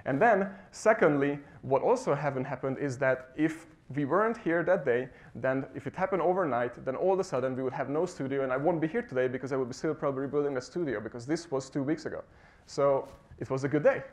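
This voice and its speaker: A man giving a motivational conference talk on stage, telling stories with animated acted-out quotes and laughing at his own jokes. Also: mid-range voice, fast. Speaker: conference speaker. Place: conference stage before a live audience.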